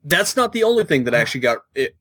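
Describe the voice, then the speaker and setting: A man's voice: fairly high pitch, very animated, fast talker, fairly bright tone, no echo. A man co-hosting a casual video game podcast, emphatic and argumentative, sure of his points. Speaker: podcast co-host. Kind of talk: casual chat about video games.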